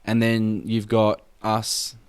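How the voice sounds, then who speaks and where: A young man co-hosting a casual podcast with a fairly low voice. He rambles through his opinions and keeps checking in with his co-host. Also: completely flat delivery, takes it slowly, clear, resonant tone. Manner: opinionated, rambling, says "right?" often.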